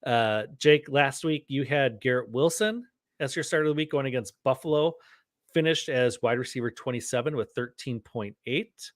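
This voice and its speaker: A man's voice: medium pitch, normal speed, dry recording, studio quality. A man co-hosting a casual podcast, easygoing and running the segments with plenty of fillers. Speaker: podcast co-host.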